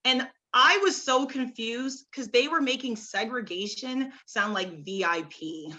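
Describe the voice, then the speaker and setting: A young woman from Oklahoma working a stand-up set on a club stage. Her voice sits a little high and rings bright and clear. She talks in halting bursts, with restarts and small fillers before each dry punchline. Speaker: stand-up comedian. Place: comedy club stage with audience.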